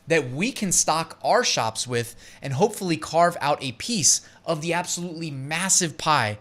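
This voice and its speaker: A man's voice: a little high, lively intonation, normal speed, fairly bright tone. A man hosting a casual online business tutorial, chatty and upbeat, laughing easily as he talks. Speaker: host.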